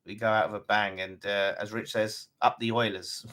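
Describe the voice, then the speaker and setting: A man with an Essex and London accent hosts a casual fan live stream, reading comments out bluntly and chattily and calling people mate. His voice is lowish and fairly bright, with a level tone and moderate pace.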